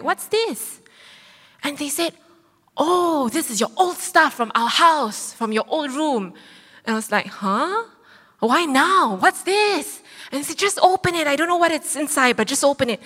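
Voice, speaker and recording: A woman in her thirties preaching, telling a personal story with lively acted-out quotes. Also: fairly high pitch, slightly rough. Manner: animated storytelling, acts out quotes. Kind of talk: sermon testimony. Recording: long hall reverb.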